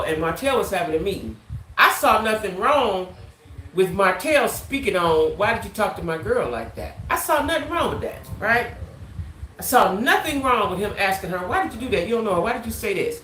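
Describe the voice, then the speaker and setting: A woman, talking in a bright, lively voice as she rants about a reality show for viewers watching live. Her pitch jumps all over as she makes her points, and the sound comes off a phone in an echoey room with a faint hum behind her. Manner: animated, emphatic, talks to viewers. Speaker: live-stream host. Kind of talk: casual reality-show gossip commentary.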